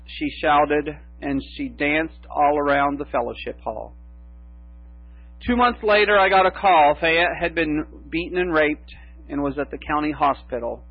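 Husky-voiced man preaching a sermon. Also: fairly high pitch, no echo, soft background music. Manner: slow emphatic preaching with long pauses. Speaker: pastor. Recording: tinny phone-like sound with mains hum.

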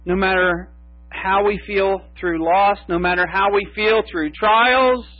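A man preaching a sermon as pastor, slow and emphatic with long pauses. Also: high-pitched, steady tone, no room sound. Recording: tinny phone-like sound with mains hum.

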